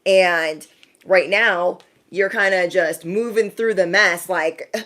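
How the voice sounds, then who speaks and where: A tarot card reader with a fairly low pitch and a fairly bright tone talks slowly as she gives a spiritual reading on camera. Chatty throughout, she calls the viewer "bestie" and does exaggerated voices for people she quotes.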